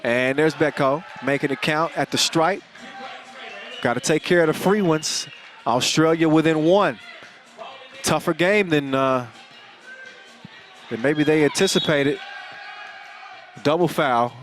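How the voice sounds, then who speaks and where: A man calling a live game as play-by-play commentator, energetic and jokey. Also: a little high, a little slow, long pauses. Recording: arena crowd and music behind. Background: cheering crowd and arena music.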